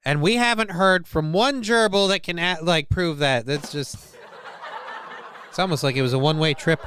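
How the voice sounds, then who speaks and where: A man's voice: fairly high pitch, moderate pace, a bit bright, slight background noise. A man hosting a livestream, chatting casually, cracking crude jokes and reading chat aloud. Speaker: livestream host.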